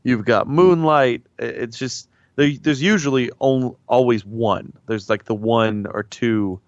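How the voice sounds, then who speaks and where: A man's voice: medium pitch, measured pace, dry recording. Guy chatting on a podcast, rambly and blunt, kinda dull lo-fi sound, dry. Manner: rambling, blunt, restarts often. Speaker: podcast co-host. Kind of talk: casual chat.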